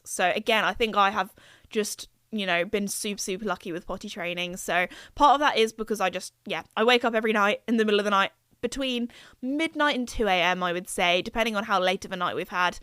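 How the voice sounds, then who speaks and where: A woman's voice: mid-range voice, a bit bright, smooth, no room sound, clean studio sound. A young woman, hosting her own podcast in a chatty, upbeat way and laughing often. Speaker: podcast host. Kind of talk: casual solo podcast chat.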